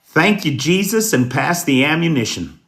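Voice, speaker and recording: An American man hosting a casual livestream news show, greeting viewers by name in a folksy, unhurried way. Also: medium pitch, animated, fairly bright tone. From United States. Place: indoors at night.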